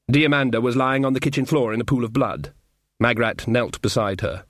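A man's voice: medium pitch, normal speed, fairly bright tone, dry recording, clean studio sound. A man reading a comic fantasy novel aloud as audiobook narrator, shifting his voice slightly for each character. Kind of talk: scripted narration.

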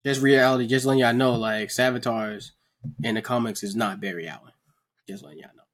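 A young man casually chatting on a podcast, animated and profane, acting out characters between laughs. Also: mid-range voice, a little fast. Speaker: podcast host.

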